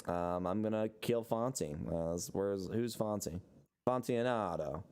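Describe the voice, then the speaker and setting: A man's voice: fairly low pitch, unhurried, darkish tone, smooth. A young man co-hosting a podcast, rambling and joking in casual banter. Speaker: podcast co-host.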